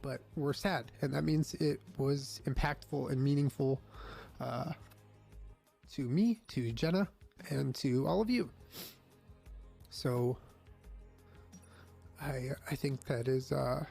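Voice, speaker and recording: A young man hosting a podcast, emotional and near tears as he talks haltingly to his listeners at the end of the show. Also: medium pitch, creaky, a little mellow, husky, faint music behind. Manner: halting, many fillers and restarts. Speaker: podcast host and streamer. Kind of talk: casual farewell talk to listeners.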